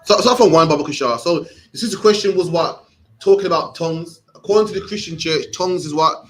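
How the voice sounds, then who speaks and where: Man, Birmingham accent, young adult, rapid speech, slightly high voice, streetwise scripture teacher. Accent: Birmingham English. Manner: fast, streetwise, ends phrases with "man". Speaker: religious class teacher. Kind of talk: scripture breakdown class.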